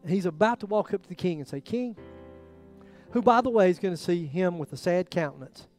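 High-voiced preacher, dramatic swings. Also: male voice, fairly quick, faint music behind. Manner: dramatic, acts out biblical quotes with swings in loudness. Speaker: pastor. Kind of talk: sermon.

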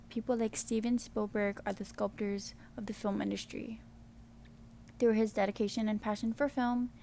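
A woman's voice: mid-range voice, warm tone, slight background noise. A young woman hosting a podcast, reading a friendly, informative script. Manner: read-aloud, friendly, informative. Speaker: podcast host.

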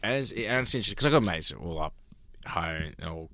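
A man's voice: deep voice, expressive, quick pace, bright, forceful tone. A man who raps, telling rambling, profane stories in casual podcast chat and acting out what people said. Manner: profane, rambling storyteller who acts out quotes. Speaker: rapper guest.

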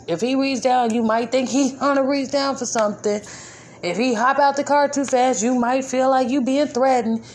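A woman with a somewhat high-pitched voice hosts her own podcast, talking in loose, colloquial speech. She hammers her points home by repeating them with indignant emphasis. Faint ambient noise sits underneath her voice. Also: darkish tone. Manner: informal, colloquial grammar. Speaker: podcast host. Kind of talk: casual spoken commentary.

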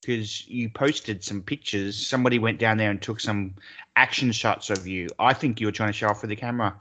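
A man's voice: lowish voice, steady tone, a little fast, a bit bright. A man in casual podcast chat who teases and cracks jokes. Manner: wisecracking, teasing. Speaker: podcast co-host.

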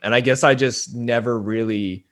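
A young man in casual podcast talk, rambling and frank. His voice sits at an ordinary middle pitch, and he keeps circling back with fillers. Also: fairly even intonation, normal speed, a bit bright. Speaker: podcast host, guest.

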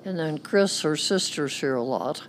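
An older woman from Montana, a former radio voice, recalling family and stories in a slow, matter-of-fact way. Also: low-pitched, animated, slight background noise. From Montana, USA. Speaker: guest, former radio broadcaster. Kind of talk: casual interview chat.

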